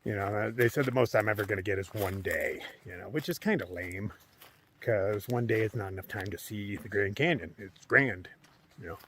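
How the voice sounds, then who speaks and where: A man's voice: on the low side, moderate pace, a bit bright, a little hiss or hum. A man vlogging casually outdoors on a long trail hike, chatting in a rambling way and sometimes dropping to a whisper. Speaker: thru-hiker vlogger.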